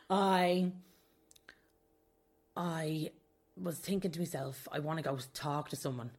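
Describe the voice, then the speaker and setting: This young woman's voice sits low with a darkish tone, and she speaks slowly, leaving long pauses. Hosting her own podcast solo, she chats casually and confessionally, frequently laughing partway through sentences.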